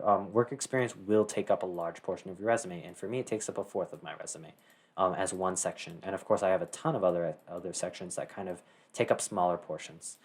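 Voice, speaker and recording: Deep-voiced teenage boy rambling through a tutorial. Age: teens. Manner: rambling, many fillers and self-corrections. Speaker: tutorial host. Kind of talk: casual screen-share tutorial.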